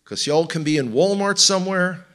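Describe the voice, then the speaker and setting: This Israeli-accented male tour guide has a high, expressive, fairly bright voice and keeps a moderate pace. As a guest speaker before a church congregation, he teaches with slides, tossing in wry jokes and asides to his listeners.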